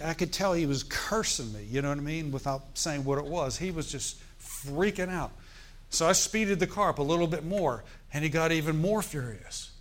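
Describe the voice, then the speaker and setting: Animated pastor preaching. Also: male voice, fairly high pitch, a little hiss or hum. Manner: conversational, animated, asks the congregation questions. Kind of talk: sermon storytelling.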